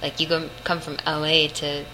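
A woman's voice: low voice, level tone, normal speed. Young female voice actress, rambling interview chat, noisy background hum. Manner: chatty, rambling, laughs often. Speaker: voice actress guest. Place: hotel room at a convention. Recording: noisy room ambience.

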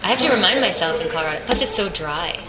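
A young woman voice actress, guest in a casual interview, chats from a convention hotel room in a fairly low, expressive voice, talking fast. She rambles and laughs often while telling her story, and the room ambience is noisy.

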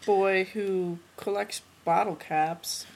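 A woman's voice: mid-range voice, steady tone, slow, creaky, darkish tone. A woman in casual chat about films, chiming in with brief remarks and plot details. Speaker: co-reviewer.

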